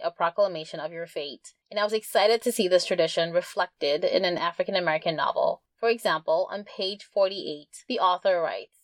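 A woman's voice: medium pitch, dry recording. Earnest woman reviewing a book. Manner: earnest, reflective, reads quotes slowly. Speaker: book podcast host. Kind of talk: book review with read-aloud passages.

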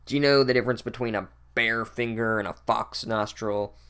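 A man's voice: on the low side, fairly even intonation, normal speed, fairly bright tone, clean tone. A man voicing a cruel, sneering male wizard teacher, mocking and exaggerated.

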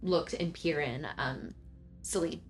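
A woman's voice: low voice, slow pace, soft background music. A woman narrating a tabletop game as game master, casual and full of fillers. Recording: roomy echo, faint background.

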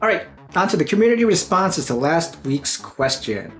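A man's voice: on the high side, very animated, moderate pace, fairly bright tone. A male podcast host in casual chat, reading listener mail aloud and laughing often.

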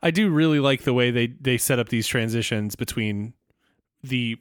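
A man co-hosting a podcast in casual chat, enthusiastic and quick to laugh. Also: medium pitch, smooth, dry recording, clean studio sound. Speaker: podcast co-host.

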